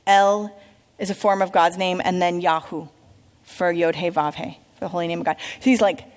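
A woman's voice: on the low side, steady tone, normal speed. A woman teaching a Bible lesson, reading scripture aloud and telling it as a story while asking her class questions. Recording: long hall reverb.

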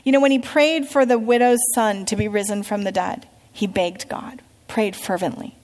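A woman's voice: medium pitch, fairly even intonation, normal speed, a little mellow. A woman teaching a Bible lesson, reading scripture aloud and telling it as a story while asking her class questions. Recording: long hall reverb.

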